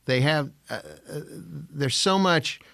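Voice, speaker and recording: An older man, a voice actor, co-hosting a podcast in slow, deliberate, wry casual chat. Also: fairly high pitch, vocal fry, sharp tone, no room sound, clean studio sound.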